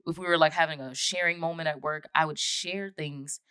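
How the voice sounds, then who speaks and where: A woman's voice: low-pitched, steady tone, fairly quick, sharp tone, clean tone, no room sound, clean studio sound. A woman from the United States, a podcast guest, telling her personal story in an earnest way and acting out past conversations. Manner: earnest, reenacts past conversations in quoted voices.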